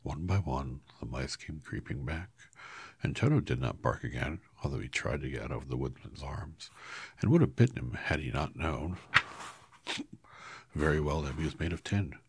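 Very deep gravelly man reading aloud. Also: expressive, normal speed, no echo. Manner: soft, half-whispered, apologizes for slips. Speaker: reader. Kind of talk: quiet storybook read-aloud.

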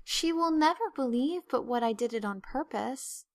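A high, lively young girl, breathless and melodramatic, all tears and earnest pleading, as a woman reads her. The voice swoops up into wails and spills words out in a rush. It sits dry and close. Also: moderate pace, no room sound. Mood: tearful explaining. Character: excitable, dramatic young orphan girl.

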